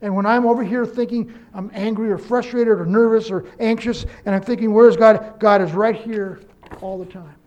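A man preaching a sermon, quoting scripture and telling a story with lively emphasis and self-corrections. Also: high voice, normal speed, highs cut off. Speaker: pastor.

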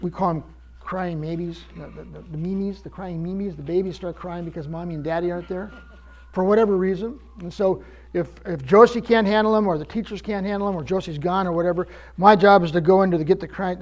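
A pastor delivers his sermon in a high voice, repeating words as he gathers his thoughts. He leans hard into his emphasis. The recording is dull and lo-fi. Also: darkish tone. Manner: stammering restarts, preacherly emphasis.

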